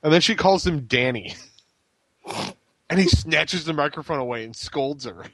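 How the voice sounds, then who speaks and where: This man co-hosts a casual wrestling podcast, cracking jokes and doing silly mock-breathy voices as he recaps. His pitch is fairly high and his tone fairly bright, at a normal speed and without echo.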